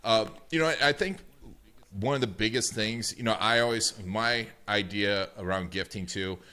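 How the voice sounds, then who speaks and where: Bright-voiced man hosting an interview. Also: fairly low pitch, clean tone. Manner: agreeable, loose, halting restarts. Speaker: podcast host. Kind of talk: casual interview chat.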